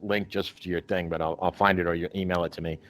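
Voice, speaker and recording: Rambling man with a low voice. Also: flat delivery, quick pace, fairly bright tone. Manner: rambling, many restarts and fillers. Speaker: podcast host. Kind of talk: casual chat.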